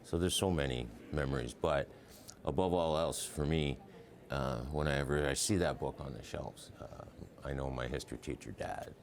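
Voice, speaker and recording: A man's voice: extremely low pitch, normal speed. A man, a historian, telling anecdotes as a guest in a news interview, chatty and often chuckling. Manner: chuckling, loose and chatty with many fillers.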